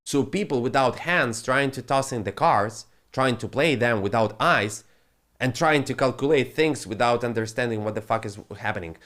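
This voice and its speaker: Casting note: male crypto trading host, swears freely, ranting market commentary, mid-pitched voice. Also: normal speed. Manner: profane, animated, non-native phrasing.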